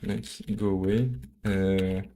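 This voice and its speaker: A man from Belgium with a French accent, live-coding on a stream and thinking aloud in a halting, mumbling way full of fillers and restarts. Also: low voice, flat delivery, dark tone, a little hiss or hum.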